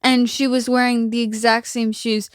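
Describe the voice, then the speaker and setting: Laid-back fifteen-year-old girl, slightly high. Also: little pitch movement, normal speed, no echo, clean studio sound. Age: teens. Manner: laid-back, says "literally" often. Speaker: podcast guest. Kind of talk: casual chat with her mother.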